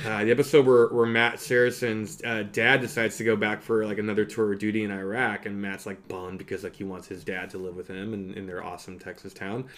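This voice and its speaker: A man's voice: on the low side, level tone, brisk, few pauses, fairly bright tone. A man co-hosting a podcast, chatting casually and telling rambling stories with frequent laughter. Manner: rambling storyteller, laughs often, breaks into impressions. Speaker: podcast co-host. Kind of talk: casual chat.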